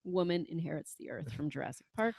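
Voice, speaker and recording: A woman hosting a film podcast, reading listener quotes and steering the casual chat in a friendly, steady way. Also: sits low, fast, vocal fry, husky, no echo, studio quality. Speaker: podcast host.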